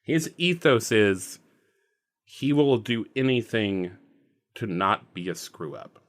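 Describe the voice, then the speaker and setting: A man's voice: lowish voice, expressive, slow. A man running a tabletop role-play game as game master, narrating loosely with lots of filler words. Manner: loose and rambling, full of "like".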